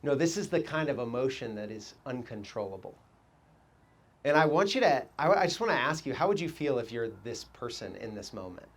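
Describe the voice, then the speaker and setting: A man preaching a sermon as pastor, telling stories with lively quoted voices and asking the congregation reflective questions. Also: medium pitch, fairly quick. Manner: animated storytelling, quoting people in raised voices.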